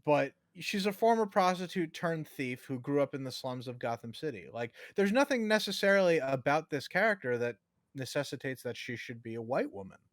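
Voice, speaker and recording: A man co-hosting a casual podcast discussion, talking in an animated way and swearing casually. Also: a little high, fairly quick, no echo, clean studio sound. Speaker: co-host.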